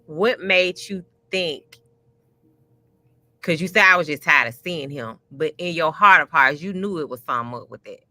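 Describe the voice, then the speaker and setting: A man's voice: fairly high pitch, normal speed, pushed and bright, no echo. A man hosting an interview, asking probing follow-up questions and murmuring short acknowledgments. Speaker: interviewer and channel host. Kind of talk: casual interview.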